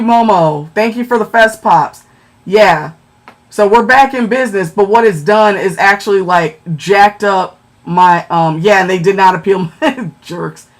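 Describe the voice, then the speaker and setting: A woman hosting a casual livestream, chatting with viewers, answering them by name and often checking in with "okay?". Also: mid-range voice. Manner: chatty, keeps tagging lines with "okay?". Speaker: livestream host.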